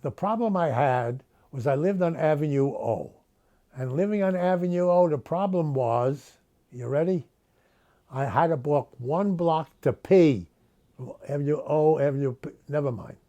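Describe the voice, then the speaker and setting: A man's voice: on the high side, unhurried, lo-fi sound. Older Brooklyn man doing stand-up. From Brooklyn, New York. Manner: deadpan joke-telling with put-on voices for characters. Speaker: stand-up comedian. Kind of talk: stand-up comedy.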